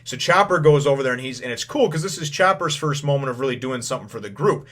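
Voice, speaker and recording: Male host, mid-pitched, casual first-impressions recap, rambling, loose paraphrased dialogue. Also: lively intonation, fairly bright tone. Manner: rambling, full of filler phrases; acts out lines in quick paraphrase. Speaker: manga chapter reviewer.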